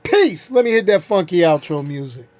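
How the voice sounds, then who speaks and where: This channel host, in his fifties, speaks a little slowly in a high voice. On his casual vlog he rants bluntly and animatedly, dropping slang and laughing a lot.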